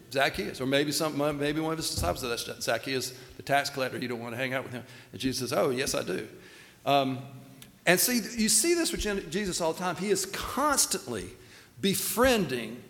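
A man's voice: sits high, a bit bright, long reverb tail. A man preaching a sermon in a folksy, storytelling manner, acting out the quotes. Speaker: pastor.

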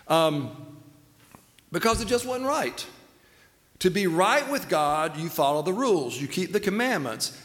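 Man preaching, folksy storytelling, fairly high voice, long hall reverb. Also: a bit bright. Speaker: pastor. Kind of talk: sermon.

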